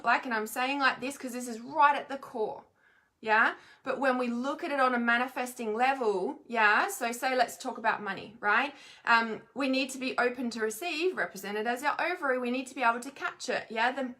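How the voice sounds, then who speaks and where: Bright-voiced woman giving a healing talk. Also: high voice, moderate pace. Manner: rambling, keeps checking in with the listener. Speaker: intuitive energy healer. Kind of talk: live-streamed spiritual talk.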